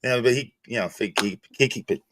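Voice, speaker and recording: A man's voice: mid-range voice, fast talker, a bit bright, no echo. A man, hosting a livestream and ranting angrily with lots of cursing and restarts. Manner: angry, profane, repetitive restarts. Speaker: streamer host. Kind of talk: heated livestream rant.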